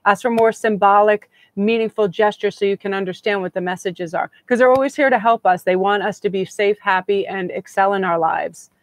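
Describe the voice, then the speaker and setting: A woman's voice: medium pitch, a little fast, few pauses, no echo. A middle-aged woman hosting a live tarot reading, talking in a chatty, gushing, meandering way. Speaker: tarot reader and host.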